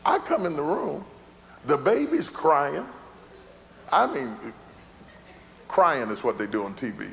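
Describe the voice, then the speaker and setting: A middle-aged man preaching a sermon as a pastor, repeating phrases for emphasis and building to shouts. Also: fairly high pitch, sing-song, takes it slowly, creaky, slight background noise. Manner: emphatic repetition, rising to shouts. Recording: large hall with live audience.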